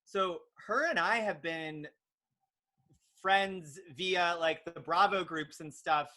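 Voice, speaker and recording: A man's voice: fairly high pitch, takes it slowly, sharp tone. A young man who is a guest on a podcast, chatting casually and enthusiastically, full of "like" and "literally". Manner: enthusiastic fan talk, filled with "like" and "literally". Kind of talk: casual chat.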